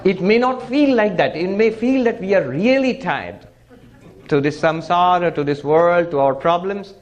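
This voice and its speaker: This man has a high voice and talks at normal speed. Lecturing on Vedanta as a monk, he narrates a parable with animation, performing the dialogue and breaking into chanted Sanskrit verse.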